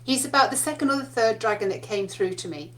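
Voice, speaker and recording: Woman, fairly high voice, chatty spiritual teacher, storytelling, laughs often. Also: lively intonation, fast, a bit bright. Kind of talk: casual spiritual talk.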